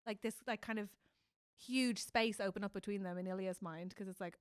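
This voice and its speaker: A woman co-hosting a casual comedy podcast, talking with animated emotion. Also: medium pitch, fairly quick, clear, resonant tone, dry recording, clean studio sound. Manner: animated, emotional, acts out characters' lines. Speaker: podcast co-host.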